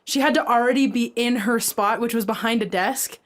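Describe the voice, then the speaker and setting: A woman's voice: a little high, fairly quick. A young woman co-hosting a podcast, telling a rambling story full of "like" fillers in a casual chat. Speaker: podcast co-host.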